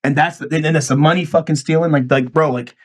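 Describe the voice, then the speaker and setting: A man's voice: a little high, fairly even intonation, fast. A man hosting a podcast, talking in a profane, emphatic way and acting out quoted lines as he tells a story. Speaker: podcast host. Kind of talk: casual podcast chat.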